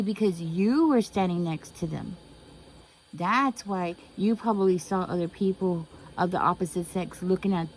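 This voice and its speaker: A woman's voice: lowish voice, dark tone, slight background noise, low-quality recording. A woman giving a tarot reading, talking emphatically, repeating herself and asking rhetorical questions. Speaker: tarot reader.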